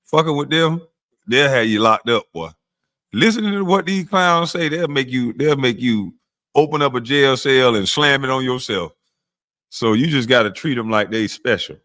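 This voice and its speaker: A man hosting a casual livestream, roasting chat and trash-talking, his voice jumping high when he heckles and dropping low when he calms down. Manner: slow and low when calming down. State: smoking while talking. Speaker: livestream host.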